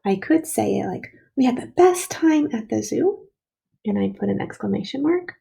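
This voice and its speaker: A woman leads a spelling and writing lesson for young children, sounding out each letter and word slowly and patiently. Her voice is gravelly and husky, with a dark, mellow tone. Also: medium pitch, rough recording. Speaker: teacher.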